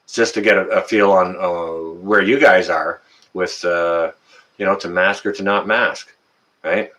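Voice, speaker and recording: A man's voice: sits low, fairly even intonation, unhurried, a bit bright, low-quality recording. A middle-aged Canadian man with a Canadian accent, hosting a casual live stream and chatting through viewer comments with plenty of fillers. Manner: chatty, rambling, many uh fillers.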